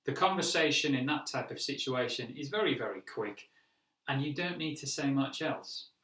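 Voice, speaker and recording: A man with a British accent, an English teacher giving a clear, deliberate online lesson and acting out greetings. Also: mid-range voice, lively intonation, a bit bright, reverberant.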